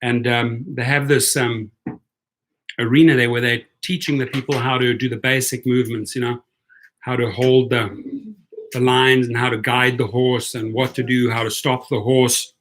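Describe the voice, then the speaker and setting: A man with a medium-pitched voice rambles in easy casual chat. He restarts phrases and repeats words as he goes. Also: flat delivery, normal speed, a bit bright. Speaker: vlogger.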